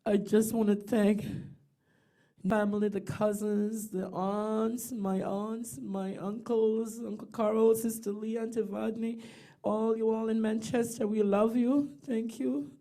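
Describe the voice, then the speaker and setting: A woman's voice: a little high, level tone, slow, warm tone. A middle-aged woman, giving tender, rambling eulogy remarks for her brother over a video call. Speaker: bereaved sister giving a eulogy.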